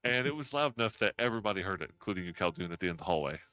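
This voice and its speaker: A man's voice: deep voice, lively intonation, very fast, sharp tone, clear, resonant tone. A man narrating a tabletop game as game master, laughing often as he describes the scene. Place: home, streamed live. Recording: dull lo-fi stream audio.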